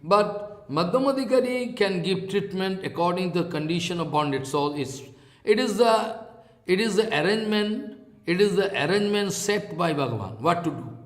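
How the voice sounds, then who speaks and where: Man, Indian accent, spiritual discourse, chants verses, halting, roomy echo. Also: sits high, animated. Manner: halting, repeats phrases, chants Sanskrit verses. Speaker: scripture teacher. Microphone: online talk.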